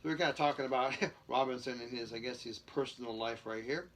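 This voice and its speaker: A man's voice: mid-range voice, a little fast. A man reading a book aloud, stumbling and restarting and dropping jokey asides between passages. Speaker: reader.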